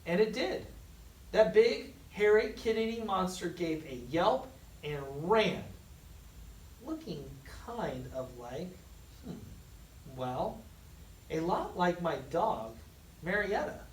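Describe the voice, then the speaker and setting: A school staff member reading a picture book aloud to students, expressive, with dramatic pauses and sudden loud surges. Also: medium pitch. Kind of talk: storybook read-aloud. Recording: echoey room, distant mic, faint noise.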